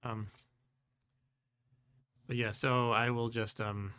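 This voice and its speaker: A man in his forties hosting a live stream and reading a gamebook aloud in his own voice. He talks in a relaxed, chatty way, chuckles often and stumbles over foreign words. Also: medium pitch, slow, clear, resonant tone. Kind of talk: casual live-stream chat and read-aloud.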